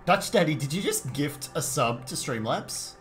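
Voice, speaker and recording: A man with an Australian accent streaming a game live, reading chat aloud and reacting in sudden high yelps. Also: expressive, moderate pace, a bit bright, soft background music.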